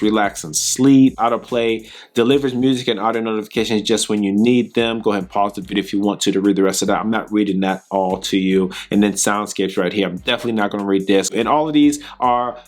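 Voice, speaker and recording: A man with a fairly low voice talks through an app's settings screen by screen. He is relaxed and unscripted, with frequent ums as he goes. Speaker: tech reviewer. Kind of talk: casual app walkthrough.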